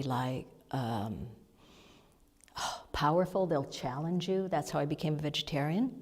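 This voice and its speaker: Low-voiced woman giving a meandering spiritual talk. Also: a little slow, pauses often, husky. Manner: chatty and meandering, drops to a hushed whisper. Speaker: spiritual speaker and sound healer. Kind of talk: informal spiritual talk to a congregation. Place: spiritual center hall. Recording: long hall reverb.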